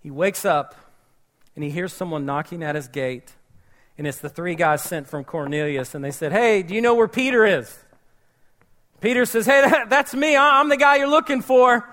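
A man's voice: high voice, moderate pace, pushed and bright. A man preaching a sermon, telling a Bible story and acting out its characters' voices. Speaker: pastor.

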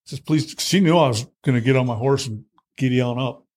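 A man's voice: medium pitch, brisk, a little mellow. A middle-aged man telling his own story in conversation, blunt and plainspoken, full of fillers and restarts. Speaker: guest.

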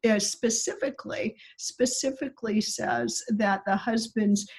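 A woman explaining the grammar of a biblical Greek passage in a careful, technical and slightly halting way. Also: mid-range voice, husky. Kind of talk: explanatory interview talk.

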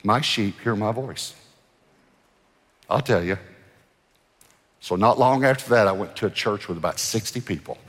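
A man's voice: deep voice, slightly rough. A middle-aged man, a pastor, preaching a sermon and telling a story, acting out the dialogue with animation. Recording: long hall reverb from a church.

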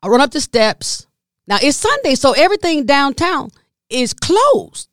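A middle-aged woman hosting a podcast, telling a personal story in a lively way, calling her listeners y'all and going quiet and soft when moved. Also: high voice, measured pace, no echo, studio quality. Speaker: podcast host.

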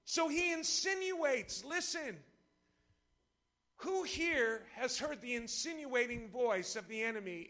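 A man preaching a sermon in church, impassioned and playful with the congregation, swinging from shouts to hushed lows. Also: lively intonation, slow pace. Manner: impassioned, rising to shouts, then dropping low. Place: church service before a congregation.

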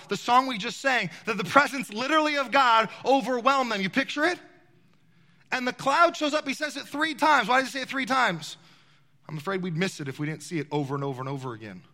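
A high, bright male voice preaching, throwing questions out to his congregation. The hall behind him rings with a long reverb. His delivery is animated and direct. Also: brisk. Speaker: pastor. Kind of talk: sermon. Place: large church hall.

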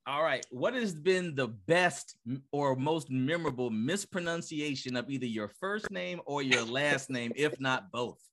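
A man's voice: medium pitch, lively intonation, unhurried, background noise. A man hosting a podcast, asking questions in a loose, wordy way. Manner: wordy, rambling question setups. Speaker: podcast host. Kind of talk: casual podcast interview.

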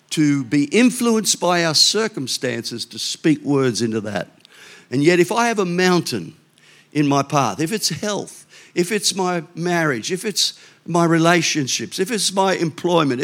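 An older man, a pastor preaching a sermon in a chatty, conversational way with quick asides and restarts. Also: fairly high pitch, a bit bright.

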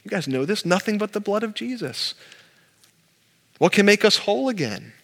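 A man preaching a sermon in earnest, animated delivery, often repeating and restarting words. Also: high voice, normal speed, big-room sound. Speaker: pastor. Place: church.

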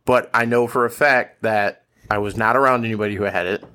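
A man on a podcast telling a swear-filled everyday anecdote with animated delivery. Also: fairly low pitch, brisk. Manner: animated, profane anecdote teller. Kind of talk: casual storytelling chat.

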